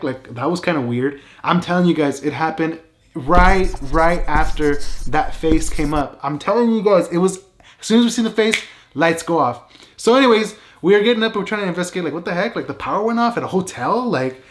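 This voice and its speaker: Male vlogger, storytime; fairly high pitch, animated and emphatic, leans on fillers. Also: a little hiss or hum. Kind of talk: casual storytelling.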